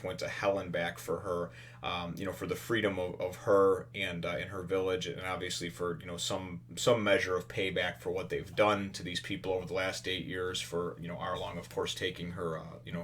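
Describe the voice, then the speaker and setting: A man with a somewhat low voice hosts a casual manga chapter review. He rambles through the plot with plenty of "uh" and "you know". Now and then he playfully acts out the characters' lines. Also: fairly bright tone, a little hiss or hum. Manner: rambling, filler-heavy retelling with playful voiced-out character quotes.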